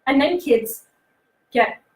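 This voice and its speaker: A woman coaching parents in a casual, animated talk, often acting out what kids say and asking the listener questions. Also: sits high, takes it slowly, reverberant, low-quality recording. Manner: animated, acts out kids' voices, asks the listener questions. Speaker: behavioral consultant and life coach.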